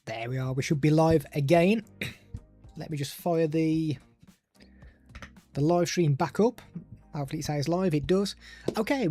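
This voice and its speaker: A man's voice: a little high, warm tone, no echo. Chatty man on a dry mic. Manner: chatty, loose, stops to talk to his pet. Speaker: tech livestream host. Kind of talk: casual live product demo. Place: home desk streaming setup. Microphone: studio microphone through a mixer at a desk.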